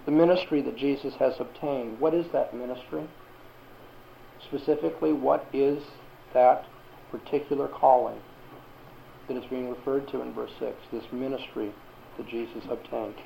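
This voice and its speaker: A man's voice: medium pitch, fairly even intonation, normal speed, gravelly, mellow, a little hiss or hum, low-quality recording. A man teaching a Bible lesson to a class and asking them questions.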